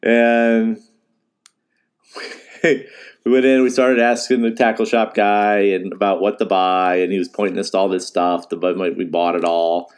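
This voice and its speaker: A man with a lowish voice tells a long story in a casual, unscripted way. He is emotional and rambling, circling back with restarts and the odd laugh, like a fishing guide talking to his regular listeners. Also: flat delivery, normal speed, few pauses, smooth. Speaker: fishing guide and podcast host.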